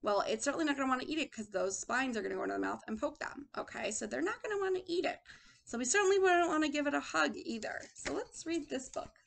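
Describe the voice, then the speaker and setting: A woman teacher reads a picture book aloud and asks her class encouraging questions. Her voice is fairly high and swings through a lively range. It has a gravelly, creaky edge. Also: quick pace, slight background noise. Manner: questioning, encouraging, addresses children as friends. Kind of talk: lesson with storybook read-aloud.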